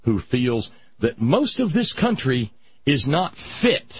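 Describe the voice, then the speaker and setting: A man's voice: medium pitch, big pitch swings, takes it slowly, lo-fi sound, a little hiss or hum. A man hosting a talk show, delivering a sarcastic, opinionated monologue. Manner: sarcastic, ranting, mocking voices.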